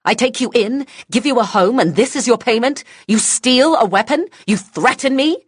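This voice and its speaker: A woman's voice: on the high side, expressive, moderate pace, slightly rough, dry recording, studio quality, pitched above the performer's own voice. A woman voicing a stern, fierce innkeeper woman. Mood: furious. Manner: sharp, indignant scolding.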